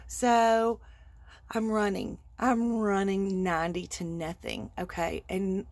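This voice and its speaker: A woman's voice: mid-range voice, no room sound. A woman, hosting a craft vlog, chatting casually and rambling through a story with laughs. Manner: animated, rambling, laughs while telling. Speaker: craft channel host.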